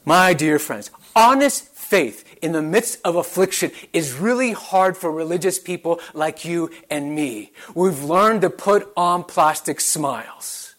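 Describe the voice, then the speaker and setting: Earnest male preacher, slightly high voice. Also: expressive, a bit bright. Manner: earnest, measured, rhetorical questions. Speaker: pastor. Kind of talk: sermon.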